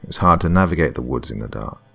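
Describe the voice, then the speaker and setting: Reading a scripted horror tale in the first person, a man uses his very deep, low voice with lively intonation and some vocal fry. His pacing is measured and tense, occasionally sinking to a near whisper. Soft background music runs beneath him.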